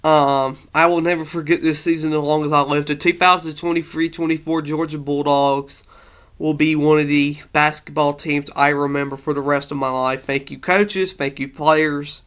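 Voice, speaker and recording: A man speaks in a loose, heartfelt monologue, circling back and restarting his sentences. He sounds a little emotional. His voice sits a bit high and comes through smooth and clear. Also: level tone, normal speed, fairly bright tone. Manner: rambling, earnest, many fillers and restarts. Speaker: sports fan vlogger.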